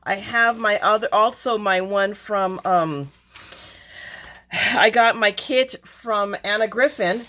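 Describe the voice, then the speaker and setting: A woman's voice: medium pitch, slow pace, fairly bright tone. Chatty woman gushing over mail. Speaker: crafting vlogger opening mail. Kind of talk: casual chat.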